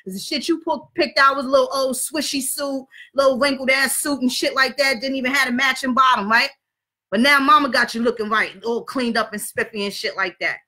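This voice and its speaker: A woman telling a story and ranting in a blunt, profane, animated way. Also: high-pitched, fairly quick. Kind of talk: casual rant and storytelling.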